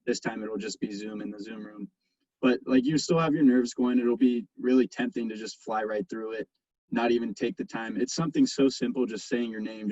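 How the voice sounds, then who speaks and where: A man's voice: fairly low pitch, dark tone, no room sound. A young man coaching competitors on a video call in a laid-back, casual way. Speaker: sales competition coach, past winner. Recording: dull, muffled video call audio.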